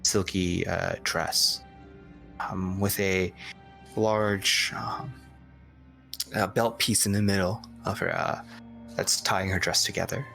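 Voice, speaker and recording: A low-voiced man runs a tabletop game, describing the scene at an unhurried, deliberate pace. His tone is bright and clear, and he often pauses on fillers as he searches for words, over faint music. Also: steady tone. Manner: slow descriptive storytelling, halting with fillers. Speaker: game master.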